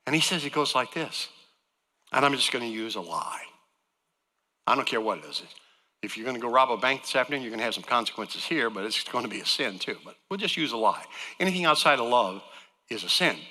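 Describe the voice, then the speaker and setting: A man delivers an earnest sermon in a very bright, forceful voice that rises and falls with lively pitch. His delivery swings between emphatic peaks and hushed asides, and his words ring out with the long reverb of a large church sanctuary. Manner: earnest preaching, voice swinging from loud emphasis to soft. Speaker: guest speaker.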